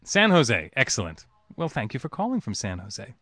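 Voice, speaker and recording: A man who is a voice actor answers fan calls in casual chat, thoughtful and relaxed, with many ums and uhs, over a webcam video chat. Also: on the low side, brisk, gravelly, breathy edge, no room sound.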